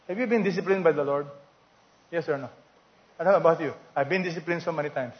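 A man's voice: sits high, brisk, lo-fi sound. A man preaching a sermon as pastor, asking the congregation questions and stretching out key words.

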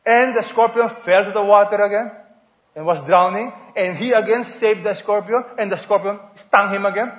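A pastor with a notably high voice preaches to his congregation, quizzing them and drawing out the words he wants to stress. The recording is dull and lo-fi. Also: normal speed. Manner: preacher asking the congregation questions, stretching key words. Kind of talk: sermon.

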